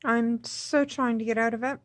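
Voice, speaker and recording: A woman recording a personal video diary, speaking in a subdued, tearful, halting way and repeating herself. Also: a little high, fairly even intonation, no room sound, clean studio sound. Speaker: vlogger.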